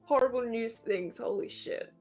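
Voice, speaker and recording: A woman from Australia co-hosting a casual late-night chat stream, with a voice sitting a touch high. She talks in a laid-back, sweary way and breaks into laughter often. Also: moderate pace, darkish tone, soft background music. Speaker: co-host.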